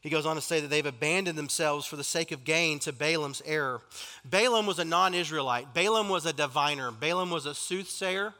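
A man delivers a sermon in a bright, forward voice pitched a little high. He talks animatedly, often restarting and filling his pauses, and acts out the people he quotes. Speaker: preacher.

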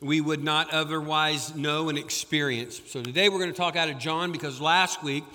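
A male pastor delivers his sermon with a bright, ringing voice pitched a touch high. His throat is sore, and his words carry a long echo through the church hall. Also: steady tone, moderate pace. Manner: folksy, rises in pitch and volume reading scripture. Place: church sanctuary.

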